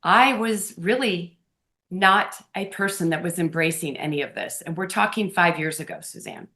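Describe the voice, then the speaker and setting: A woman being interviewed as a podcast guest, telling personal stories in an earnest, heartfelt way that often drops into a hushed tone. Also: fairly low pitch, lively intonation, normal speed. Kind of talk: conversational storytelling.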